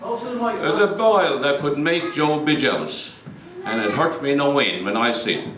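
A woman's voice: low-pitched, lively intonation, a little slow, background noise, voice pushed up. A man from voicing a bashful, fussy wife with a sore boil, at a recitation. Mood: complaining. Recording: echoey hall, mic far off.

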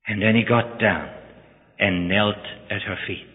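A man's voice: on the low side, steady tone, measured pace. A male preacher telling a story in a dramatic, emotional sermon. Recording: echoey hall, phone-like lo-fi.

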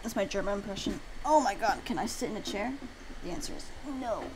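A young woman giving let's-play commentary, chatty and talking herself through the route, mumbling some lines quietly to herself. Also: mid-range voice, quick pace, heavy background noise. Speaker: gamer streamer.

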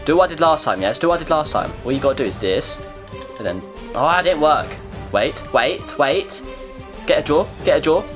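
A young man giving excitable, swearing live commentary on his own gameplay, talking to himself as he plays. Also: on the high side, brisk, soft background music. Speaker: gaming video creator.

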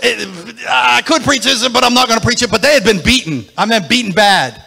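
A man preaching a sermon as pastor, emphatic and repetitive, his voice rising into shouts. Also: very high-pitched, lively intonation, fairly quick, vocal fry, breathy edge, long reverb tail. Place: church sanctuary.

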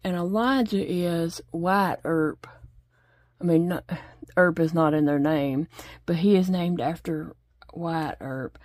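A woman's voice: on the low side, a little mellow, no echo, studio quality. A middle-aged woman chatting casually at home while she crochets, rambling along and talking to her pets. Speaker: crochet vlogger. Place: home desk.

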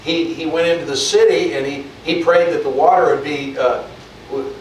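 Man preaching a loose, talky sermon; fairly high voice, recorded from a distance in an echoey hall with faint hum. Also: normal speed. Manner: conversational preaching with many restarts and repeated words. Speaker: pastor.

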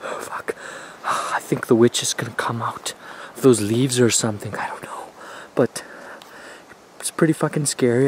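A man in a comic found-footage parody, filming himself on a handheld camera outdoors in a forest. He fakes panic, jumping between hushed whispers and high squeals. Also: normal speed, long pauses, slight background noise, poor audio. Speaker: amateur filmmaker playing a lost hiker.

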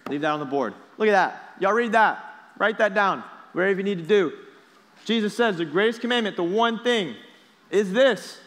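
Young man, youth pastor sermon, casual and energetic, slightly high voice, echoey hall. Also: moderate pace. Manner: casual, energetic, quizzes the students. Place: large hall with students.

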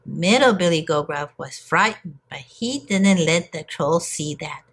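A woman teacher reading a picture book aloud to young children in an expressive storytelling manner. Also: low-pitched, unhurried, breathy edge.

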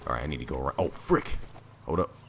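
A man giving casual gameplay commentary, jumpy and prone to sudden loud exclamations, with a slightly raspy voice. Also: rumbling low, fast, slight background noise. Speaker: gamer.

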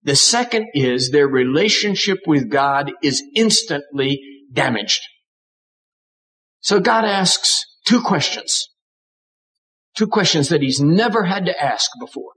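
Speaking slowly but with animation, an older man gives a sermon in a fairly high, slightly bright voice on a low-quality recording. His delivery is dramatic, and he performs the voices of God and various characters.

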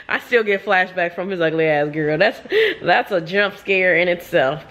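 A woman's voice: on the low side, unhurried. A woman chatting casually in a reading reaction vlog, exclaiming and cursing as she talks to her viewers. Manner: animated, profane, exclamatory chatter addressed to viewers. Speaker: book vlogger.

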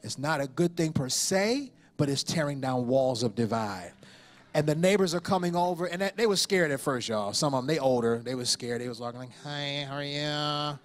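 Animated man in his forties preaching. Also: mid-range voice, fairly quick. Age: 40s. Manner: storytelling with animated impressions and laughter. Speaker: pastor. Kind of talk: sermon.

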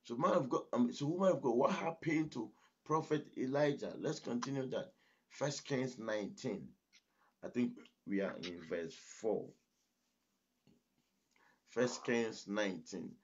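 A man's voice: mid-range voice, measured pace, slightly rough. A man preaching a sermon as pastor, emphatic and exhorting, often breaking in with "listen". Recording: dull lo-fi recording.

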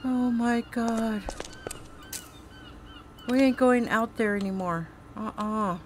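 Jumpy woman gamer, slow and gasping. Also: a little high, slight background noise. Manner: jumpy, gasping, exclaiming to viewers. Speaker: gaming streamer. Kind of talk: horror game play-by-play.

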